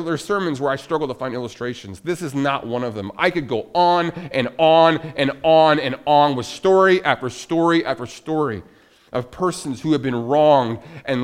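A man's voice: fairly high pitch, smooth. A male pastor preaching a sermon emphatically, with repetition and rhetorical questions.

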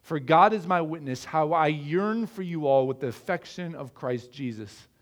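Midwest guy preaching, kinda high voice, earnest, talks to the church like a conversation. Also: expressive, normal speed. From American Midwest. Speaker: pastor. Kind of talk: sermon.

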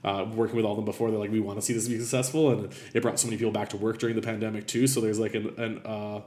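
A man's voice: on the low side, monotone, rapid-fire, dark tone, reverberant. A man, a chef talking casually about his restaurants in an interview, rambling with many fillers.

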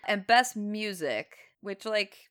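A woman's voice: medium pitch, slow pace. A woman co-hosting a casual film review chat, retelling the plot sarcastically. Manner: sarcastic, animated retelling with laughs. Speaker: podcast co-host.

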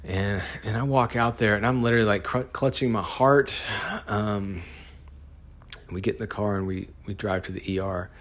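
A man earnestly telling a personal story in a casual, halting way, restarting often. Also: fairly low pitch, fairly even intonation.

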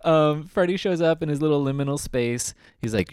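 A man's voice: a little high, moderate pace, darkish tone, slight background noise. A man co-hosting a podcast, casually recapping a TV episode, chatty and often laughing, with lots of ums. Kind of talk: casual chat.

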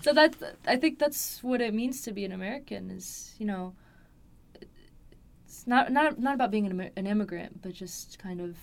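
A woman's voice: medium pitch, lively intonation, moderate pace, gravelly. A young woman born in France, talking in a casual interview, rambling with many fillers and restarts and laughing often.

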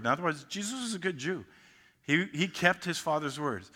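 A male pastor preaching with a bright, forceful tone, slightly high for a man. He speaks emphatically and often restarts his sentences. A long hall reverb hangs after each phrase. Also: expressive, moderate pace. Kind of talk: sermon.

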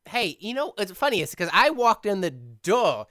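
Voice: medium pitch, sing-song, moderate pace, a bit bright, no echo, clean studio sound. A podcast host who edits the show, chatting casually in long, reflective run-on thoughts. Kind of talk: casual chat.

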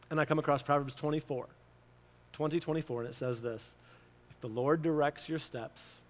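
A man's voice: fairly high pitch, big-room sound. A man preaching a sermon as pastor, telling stories and acting out his own prayers.

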